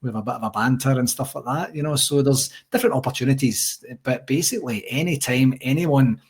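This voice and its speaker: A middle-aged Scottish man, chatty and animated as he tells stories in a casual interview. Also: mid-range voice, fairly quick, husky. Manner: chatty storyteller, animated anecdotes. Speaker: interview guest, supporters' association president.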